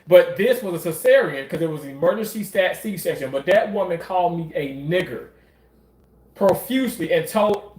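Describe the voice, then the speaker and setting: A man's voice: high voice, animated, normal speed, darkish tone, reverberant. A man telling a story in a casual, emphatic way, swearing often and repeating phrases for effect. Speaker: commentator.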